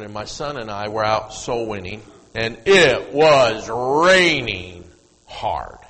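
A middle-aged man preaching a sermon as pastor, telling a story and moving from hushed asides to loud, emphatic peaks. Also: fairly low pitch. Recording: long reverb of a church hall.

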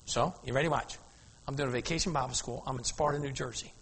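A man preaching a storytelling sermon, animated, calling out to the congregation for an amen and telling them to watch. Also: medium pitch, quick pace, creaky, husky. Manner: animated, asks the crowd "Amen?", often says "now watch". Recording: long hall reverb.

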